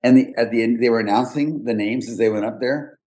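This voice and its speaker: A man's voice: medium pitch, a little fast, a little mellow. An older man hosting a podcast, telling stories in a chatty way and laughing often. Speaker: podcast host. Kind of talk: casual chat.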